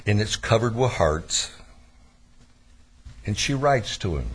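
A man preaching a sermon to his church, telling a story in a lively, deliberate way. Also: lowish voice, breathy edge. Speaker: pastor.

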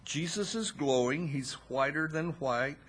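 A man preaching a sermon, slow and expressive, with dramatic pauses and wry asides to his listeners. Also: fairly high pitch, husky.

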